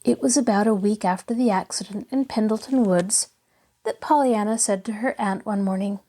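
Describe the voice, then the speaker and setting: A woman hosting a podcast and narrating a classic children's novel in a clear, even storytelling manner. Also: mid-range voice, moderate pace. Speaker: host and narrator. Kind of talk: audiobook narration.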